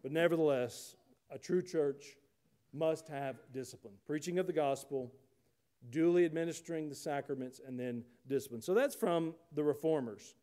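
A man's voice: on the high side, moderate pace, dark tone. A man preaching a sermon, folksy and conversational, rising to emphatic rhetorical questions. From United States. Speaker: pastor.

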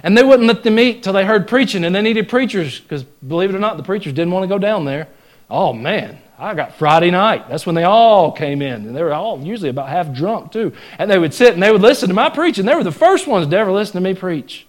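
A man with a Southern US accent preaching a folksy, joking sermon in a church, swinging from loud exhortation to hushed asides. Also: high voice, expressive, brisk. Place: church sanctuary.

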